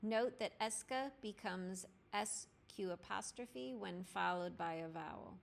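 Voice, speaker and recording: A woman teacher narrating a language lesson, clear and deliberate, spelling out grammar formulas step by step. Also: mid-range voice. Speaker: French teacher. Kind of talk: slow instructional lesson narration.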